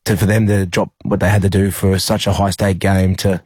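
A young Australian man, a rugby league player, telling a personal story in an interview, halting with many fillers and restarts. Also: low-pitched, flat delivery, darkish tone, slightly rough, dry recording.

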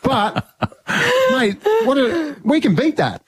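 A man's voice: very high voice, very animated, takes it slowly, breathy edge, no echo. A middle-aged Australian man co-hosting breakfast radio, telling rambling stories and laughing at himself. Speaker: radio co-host.

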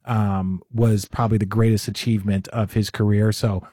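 A man's voice: lowish voice, moderate pace, slightly rough, dry recording, studio quality. A man from the United States, a guest on a radio show, chatting casually and telling stories with lots of laughter. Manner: animated, laughing, storytelling. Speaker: guest, basketball analyst.

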